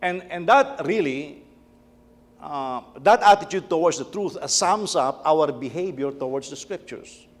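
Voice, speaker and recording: A man's voice: on the high side, animated, a little slow. A middle-aged male pastor giving a conversational sermon, repeating words as he tells stories about his family. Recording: long reverb of a church hall.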